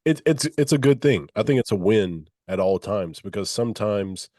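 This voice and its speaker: A man's voice: lowish voice, animated, moderate pace, dark tone, dry recording, clean studio sound. A man hosting a podcast, speaking reflectively in loose, rambling phrasing. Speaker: podcast host. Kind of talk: conversational interview.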